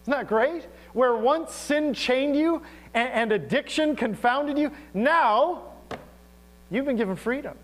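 A man preaching a sermon as pastor, animated and asking the congregation rhetorical questions. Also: extremely high pitch, measured pace, low-quality recording.

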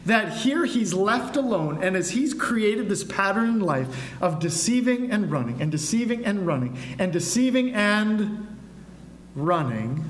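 A high-pitched man preaches a Sunday sermon, asking his listeners rhetorical questions again and again. His voice rings around an echoey church sanctuary. A faint hum sits underneath. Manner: asks the congregation rhetorical questions. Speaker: pastor.

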